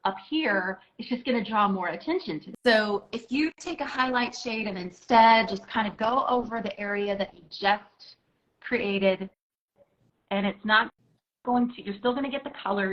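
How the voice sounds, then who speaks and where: A woman's voice: medium pitch, fairly bright tone, highs cut off. Woman coaching a makeup lesson. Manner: encouraging, hands-on coaching with filler words. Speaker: makeup instructor. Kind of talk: instructional makeup tutorial.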